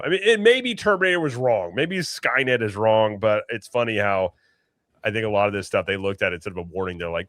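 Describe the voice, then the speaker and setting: A man's voice: on the low side, expressive, fast talker, a bit bright, no room sound. A man hosting a casual livestream podcast, chatty, often restarting and correcting himself. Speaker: podcast host. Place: home, late at night.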